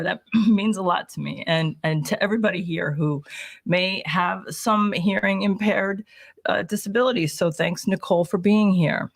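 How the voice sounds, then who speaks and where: A woman's voice: mid-range voice, normal speed, creaky. A woman co-hosting a casual live stream, who laughs often and rambles with self-deprecating asides. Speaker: co-host.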